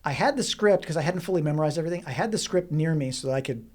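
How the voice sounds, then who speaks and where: A man guesting on a relaxed interview, recounting a story in a lively, self-deprecating way. He laughs easily and keeps the telling loose and conversational. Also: on the high side, racing. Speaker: guest filmmaker and actor.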